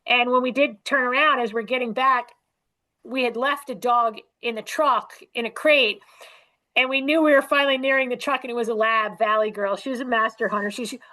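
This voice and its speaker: A woman guest on a podcast, telling quick, animated anecdotes in casual conversation. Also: fairly high pitch, poor audio. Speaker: guest author and dog trainer. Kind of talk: casual storytelling chat.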